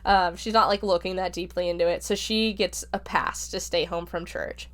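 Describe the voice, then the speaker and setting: A woman's voice: lowish voice, steady tone, normal speed, fairly bright tone. A woman hosting a podcast, casually summarizing a book's plot in a loose, chatty way full of fillers. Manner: chatty, filler-heavy retelling. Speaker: podcast host reviewing a book.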